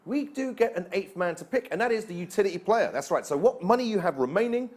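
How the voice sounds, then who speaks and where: A man hosting a sports panel discussion, lively and quick as he puts questions to guests. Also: high voice. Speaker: host.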